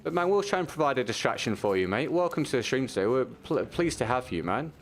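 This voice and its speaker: A man's voice: medium pitch, very animated, quick pace. A man streaming a shooter game, talking to his viewers in a supportive, casual way with frequent restarts. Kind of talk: casual chat while playing.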